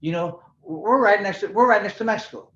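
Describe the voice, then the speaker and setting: A man's voice: sits high, brisk, pushed and bright. A man of sixty, a former boxing champion from California, telling stories in a rambling, talkative way, repeating words and slipping in Spanish slang. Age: 60s. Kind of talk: casual storytelling interview. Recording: echoey room, dull lo-fi sound.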